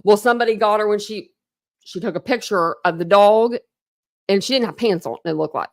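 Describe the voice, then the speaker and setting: A woman's voice: mid-range voice, brisk, no echo, clean studio sound. Chatty, teasing woman with a twang. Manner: chatty, rambling, teasing with frequent laughs. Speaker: true crime commentary host. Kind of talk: casual reaction commentary.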